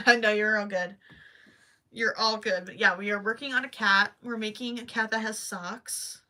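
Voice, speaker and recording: A woman's voice: medium pitch, fairly even intonation, normal speed, bright, forceful tone. A young woman hosting a casual crochet livestream, chatting with viewers, reading their comments aloud and trailing off now and then to count stitches.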